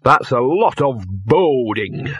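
A man's voice: medium pitch, very animated, slow pace, fairly bright tone, husky, no echo, muffled recording, exaggerated voice. A man doing a grumbling streetwise talking dog. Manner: blunt, grumbling, common-sense slang. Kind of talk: audiobook character voice.

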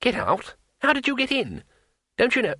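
A man voicing a small, anxious and polite male tourist who pleads and wails in a high voice. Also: huge pitch swings, normal speed, pushed and bright, a little hiss or hum, full character voice. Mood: bewildered. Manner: high-pitched, pleading and wailing.

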